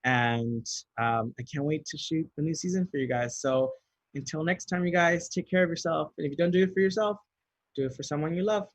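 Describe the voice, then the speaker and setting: Chatty, giggly man with a breathy voice. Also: fairly high pitch, a little fast, no room sound, lo-fi sound. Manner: chatty, giggly, reads questions aloud then rambles. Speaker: actor answering fan questions. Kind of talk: casual question and answer video.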